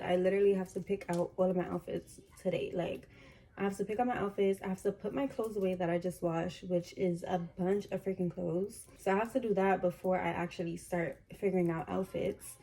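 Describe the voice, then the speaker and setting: A woman's voice: mid-range voice, dark tone, slight background noise, poor audio. A young adult woman vlogger in casual chat at home, gushing and slangy as she talks straight to her viewers.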